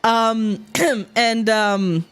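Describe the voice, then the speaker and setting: A woman's voice: on the high side, fairly even intonation, very slow, fairly bright tone, faint music behind. A young woman, telling a long story as a streamer, rambling with lots of fillers and quoted asides. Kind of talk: casual storytelling while streaming.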